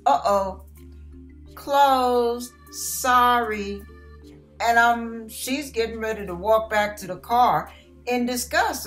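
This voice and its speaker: A woman's voice: medium pitch, fairly bright tone. A woman giving a sermon as a personal story, acting out the voices of the people in it. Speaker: ministry speaker.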